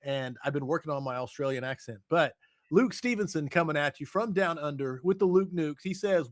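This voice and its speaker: Still getting over an illness, this podcast host reads out listener questions in an enthusiastic, casual way. His voice is a little high and his pace fairly quick.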